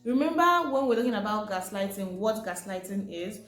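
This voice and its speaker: This presenter, a woman with a mid-range, slightly bright voice, talks at normal speed in an animated, chatty way during an informal lesson. She throws rhetorical questions to the audience in an echoey room with faint music.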